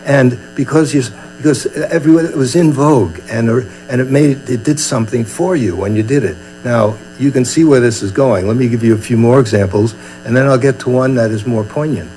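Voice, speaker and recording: A man's voice: medium pitch, brisk, hardly any pauses, warm tone, rough recording. An older man from Brooklyn, giving a chatty, humorous dharma talk as a meditation teacher and acting out little scenes. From Brooklyn, USA. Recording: faint mains hum.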